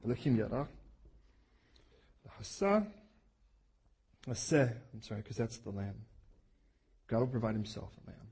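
A man preaching a sermon, telling the scripture story with animated asides and playful acted-out voices. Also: lowish voice, measured pace, long pauses, husky.

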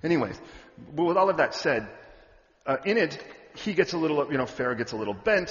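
A male pastor preaching a sermon in a church hall, conversational and humorous, with loud animated bursts. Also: mid-range voice, a little fast. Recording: echoey hall, dull lo-fi sound.

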